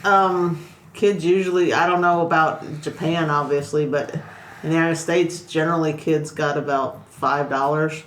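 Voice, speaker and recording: A quiet podcast co-host chats casually in an echoey room, with a little hiss or hum in the recording. His mid-range voice has fairly even intonation and a moderate pace.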